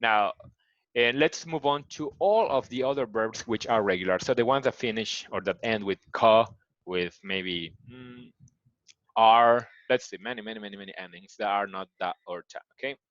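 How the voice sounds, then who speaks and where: Low-voiced Mexican man teaching English. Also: a bit bright, dry recording, dull audio. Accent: Mexican Spanish. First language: Spanish. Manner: patient, repeats words slowly to model pronunciation. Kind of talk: recorded online grammar lesson.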